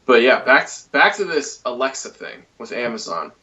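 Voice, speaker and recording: A man's voice: medium pitch, very animated, bright, forceful tone, distant mic. A man co-hosting a casual talk show, reading a news story aloud with many fillers and restarts. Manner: loose, halting delivery with many fillers. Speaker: podcast co-host.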